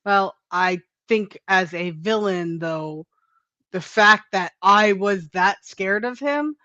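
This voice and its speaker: A cheerful woman co-hosts a relaxed chat at an unhurried pace, filling gaps with quick agreements and laughs. Her sound is dry and slightly dull, like a modest home setup. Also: medium pitch, dry recording. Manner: giggly, upbeat, many small affirmations. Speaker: podcast co-host. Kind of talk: casual panel chat.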